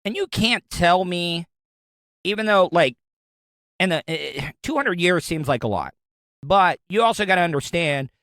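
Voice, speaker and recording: A man's voice: fairly high pitch, a bit bright, no echo, studio quality. Joking, rambling man hosting a solo show. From Florida, USA. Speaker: podcast host. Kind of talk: casual solo monologue.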